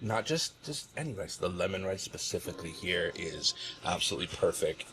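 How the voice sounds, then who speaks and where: A man's voice: low-pitched, very animated, brisk, background noise. A man hosting a food vlog, chatting casually and laughing often at a restaurant table. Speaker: food vlogger host. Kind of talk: casual food review chat. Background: background music.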